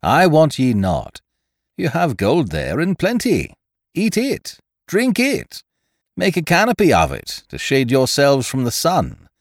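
A man's voice: medium pitch, no echo, clean studio sound, voice pushed up. A man voicing a cheerful, mocking pirate captain who gloats over his beaten rivals. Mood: blithe. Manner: gloating, blithe, derisive.

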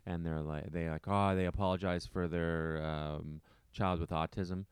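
A man's voice: sits low, fairly even intonation, unhurried, clear, resonant tone, no room sound, studio quality. A man chatting casually on a podcast, self-deprecating and emphatic, often repeating his points. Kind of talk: casual chat.

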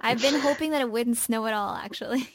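A woman's voice: a little high, brisk, no echo. A woman co-hosting a podcast, chatting in a light, friendly way. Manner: light and friendly, laughs easily. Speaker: podcast co-host. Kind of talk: casual chat.

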